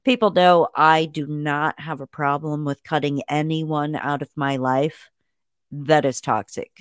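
A woman's voice: low voice, fairly even intonation, unhurried, dry recording, clean studio sound. A woman hosting a casual podcast conversation, agreeing emphatically with her guest. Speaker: podcast host.

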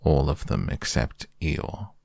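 Brief: a man playing a self-pitying storybook donkey, sunk very deep, gravelly and slow, mournful and sarcastic. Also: lively intonation, darkish tone, no room sound, clean studio sound, full character voice. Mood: gloomy.

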